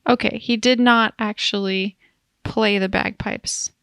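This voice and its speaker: Woman co-host, casual and chatty, laughs at her own tangents, vocal fry, dry recording. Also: medium pitch, fairly even intonation, a little slow, fairly bright tone, no echo. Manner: chatty, giggly, rambling asides. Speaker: podcast co-host. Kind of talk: casual chat.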